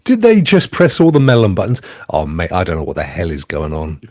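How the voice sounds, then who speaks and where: A man's voice: deep voice, wildly swooping pitch, fairly quick, a little mellow, dry recording, clean studio sound. A man hosting a casual gaming livestream, jokey and chatty, thanking viewers by name. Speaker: host.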